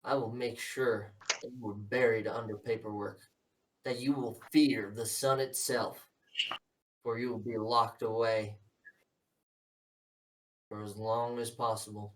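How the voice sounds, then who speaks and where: A man's voice: on the low side, flat delivery, measured pace, long pauses, slight background noise, natural voice. A man voicing a stern, scheming older politician who coldly lectures and threatens his son, recorded somewhat far from the mic. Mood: menacing. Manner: cold, menacing, lecturing.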